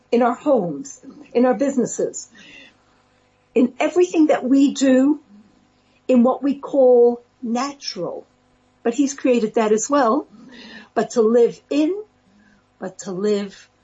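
A woman teaching a Torah talk in a slow, earnest, pleading cadence. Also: fairly high pitch, warm tone, husky. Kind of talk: spiritual talk. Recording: muffled lo-fi recording.

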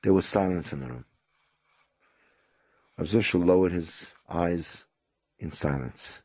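A man's voice: low-pitched, slow pace, mellow, husky. A man, a rabbi, telling a story in a sermon, often stammering and repeating himself.

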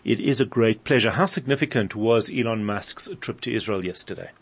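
A man with a fairly low voice hosts a live interview show. He gives a brief news lead-in and then questions his guest, with frequent repeated words and restarts. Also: brisk, slightly rough. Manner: stammering restarts when excited. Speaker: radio talk show host.

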